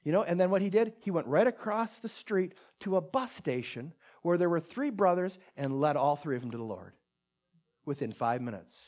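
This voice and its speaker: A man preaching in a conversational way, retelling a personal story with many restarts and a hushed voice for quoted prayer. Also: on the high side, expressive, normal speed. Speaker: pastor.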